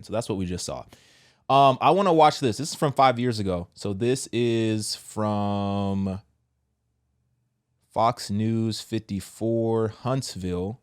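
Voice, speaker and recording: A man's voice: slow pace, dry recording, clean studio sound. A man co-hosting a commentary show, reacting briefly and reading a news article aloud. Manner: short low-key reactions. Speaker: co-host.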